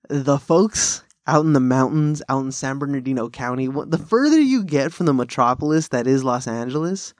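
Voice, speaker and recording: A man rambles through stories on his podcast, swearing freely. His voice sits at a middle pitch. The sound is dry and close, with no room around it. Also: dry recording. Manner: profane, rambling bro-style storytelling with frequent laughs. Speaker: podcast host. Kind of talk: casual chat.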